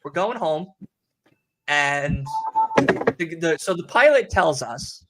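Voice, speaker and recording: Young New York guy, podcast host, rambling and swearing, voice on the higher side. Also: slow, pauses often, very noisy. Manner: rambling, profane, animated storytelling. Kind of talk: casual chat.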